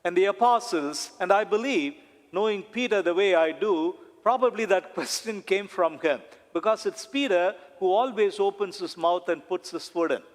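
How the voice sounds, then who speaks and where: A man, a priest, preaching a sermon slowly and deliberately, with dramatic pauses and repetition. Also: high-pitched. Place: church. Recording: long church reverb.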